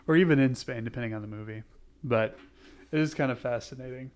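A man's voice: mid-range voice, fairly quick, darkish tone, clear, resonant tone. A young man co-hosting a casual podcast, rambling with lots of "like" and restarts. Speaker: podcast co-host. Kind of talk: casual chat.

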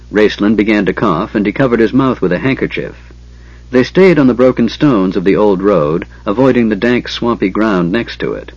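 Low husky male audiobook narrator. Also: a little mellow, dry recording, highs cut off. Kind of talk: scripted fantasy narration.

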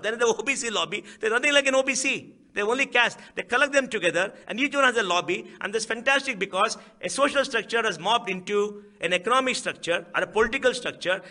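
A man's voice: high-pitched, pushed and bright. A man with an Indian accent giving a public speech at a book event, emphatic, asking rhetorical questions and repeating key phrases. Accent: Indian English.

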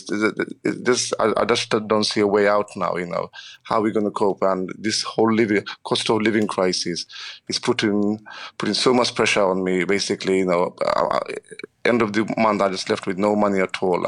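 A middle-aged working father in a radio interview, emotional and strained, speaking haltingly with many repeated words and "you know" fillers. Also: low voice, steady tone, vocal fry.

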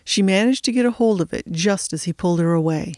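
A woman narrating a story in an even, measured audiobook style. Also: mid-range voice, dry recording. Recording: dry close recording.

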